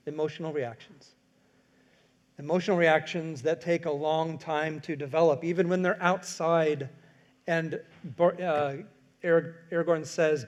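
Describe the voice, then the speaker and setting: Man, fairly high voice, lecturing, animated, quizzes the audience. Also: moderate pace. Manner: animated, acts out quoted lines, asks the audience questions. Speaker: workshop speaker on screenwriting.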